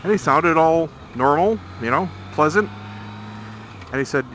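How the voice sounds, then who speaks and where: A middle-aged man telling a story on a casual vlog while riding a motorcycle through town traffic, irritated but measured. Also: fairly high pitch, expressive, fairly bright tone. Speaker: motovlogger.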